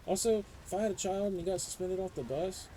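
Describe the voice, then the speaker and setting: A young adult man streaming a game, chatting casually and ranting in profane, animated stories. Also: high-pitched, fast talker, a little hiss or hum, rough recording. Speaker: live streamer. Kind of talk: casual chat while gaming.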